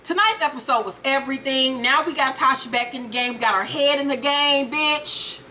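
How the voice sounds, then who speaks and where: Bright, animated woman recapping TV. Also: high voice, moderate pace, slight background noise. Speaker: TV recap reviewer. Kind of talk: casual, profane episode recap.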